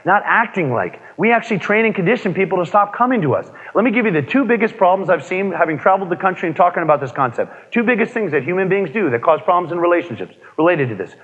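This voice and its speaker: An energetic man leads a seminar, his pitch rising and falling a lot and sitting a bit high for a man. The sound is dull and lo-fi, with a long hall reverb around him. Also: quick pace, husky. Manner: energetic, asks the room questions, repeats key points. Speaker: motivational speaker. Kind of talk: live seminar talk to an audience. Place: seminar room with an audience.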